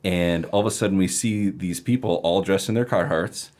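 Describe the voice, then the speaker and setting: A man with a very deep, low voice hosts a relaxed podcast chat. He tells his stories in an animated way and breaks into laughter often. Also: moderate pace. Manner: animated storyteller, laughs easily. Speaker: podcast host. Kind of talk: casual podcast interview.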